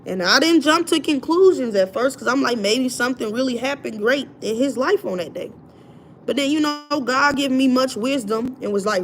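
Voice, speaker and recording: A woman's voice: a little high, normal speed, slight background noise. Indignant woman ranting on her livestream. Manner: indignant, animated storytelling. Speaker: livestream host. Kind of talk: casual livestream rant.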